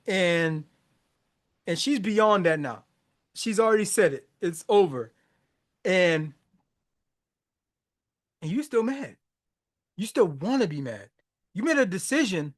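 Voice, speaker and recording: A man's voice: sits high, very animated, takes it slowly, pauses often. A man hosting a podcast, talking loosely about a song's lyrics, with slang, repeats and frequent laughs. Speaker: podcast host. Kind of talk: casual commentary on song lyrics.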